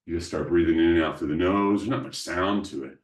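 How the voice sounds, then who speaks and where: Deep-voiced man teaching qigong, roomy. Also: fast talker. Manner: calm instructive, dry humor asides. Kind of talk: demonstrating qigong postures. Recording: roomy sound, mic at a distance.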